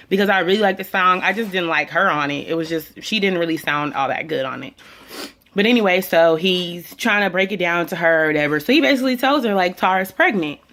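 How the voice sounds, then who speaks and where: A reality TV recap vlogger gives her opinions to camera in a casual recap, her voice medium-pitched and fairly bright on a camera mic. She's blunt, sassy, chatty and swears a lot.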